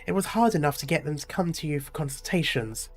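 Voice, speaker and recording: A streamer voicing a cautious, reluctant man from a game story. He hedges every answer in a plain, mid-pitched voice. Quiet music plays behind. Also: lively intonation, fast, lightly acted. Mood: hedging. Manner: hedging, reluctant. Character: man, cautious and hedging worker.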